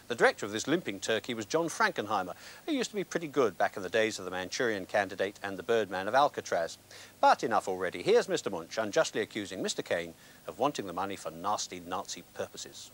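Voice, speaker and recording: A British man presents scripted film reviews with a dry, sardonic wit. His voice sits low, but his pitch swoops expressively as he lands his jokes. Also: big pitch swings, quick pace, fairly bright tone.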